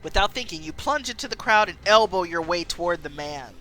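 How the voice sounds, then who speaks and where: A woman streamer reading a story game aloud, expressive and quick to laugh. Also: fairly low pitch, soft background music. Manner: expressive, laughs between lines.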